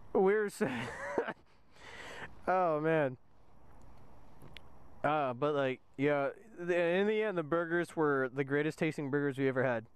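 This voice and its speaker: A man's voice: on the high side, clean tone, no echo. A young man, a soldier, casually telling a rambling, profane story from inside a vehicle, laughing often. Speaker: soldier vlogger.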